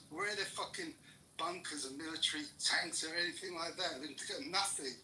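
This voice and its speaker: Man, angry ranting debater, constant swearing, sharp tone, distant roomy recording. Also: a little high, a little hiss or hum. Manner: furious, swears constantly, shouts insults. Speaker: political commentator in a heated debate. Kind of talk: angry profane rant. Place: room with others present. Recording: roomy echo, distant mic.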